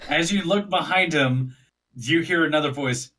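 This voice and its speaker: A man's voice: fairly high pitch, moderate pace, sharp tone, poor audio. A man narrating as game master of a tabletop game, loose and profane, laughing often.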